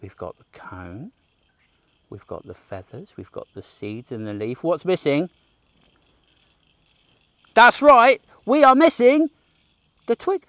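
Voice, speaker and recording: A man's voice: a little high, sing-song, takes it slowly, long pauses, a bit bright, dry recording. Man, kids' nature educator, outdoor bush walk, enthusiastic, talks to the viewer. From Australia. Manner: enthusiastic, talks to the viewer, jokes and gasps at finds. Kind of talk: livestreamed nature walk for kids.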